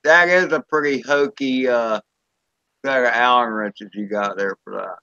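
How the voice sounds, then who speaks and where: A man's voice: mid-range voice, normal speed, pushed and bright, no room sound, highs cut off. A man guesting on a casual podcast chat, rambling and hesitant as he speaks.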